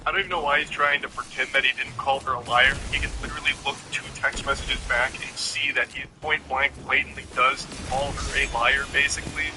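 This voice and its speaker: A man's voice: medium pitch, flat delivery, fairly quick, hardly any pauses, noisy background. A sarcastic young man doing comedic commentary while reading texts aloud. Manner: sarcastic, mocking.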